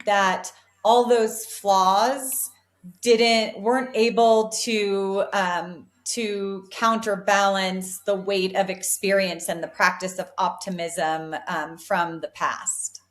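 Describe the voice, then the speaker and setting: A woman's voice: mid-range voice, fairly even intonation, slow, a bit bright. A woman in her forties, an elite distance runner, giving earnest, upbeat answers in an interview, often restarting her sentences. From United States. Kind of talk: reflective interview talk.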